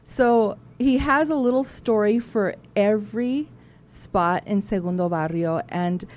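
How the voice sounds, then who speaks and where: A woman's voice: mid-range voice, measured pace, a little mellow. A woman, a museum director speaking as a guest on a radio interview.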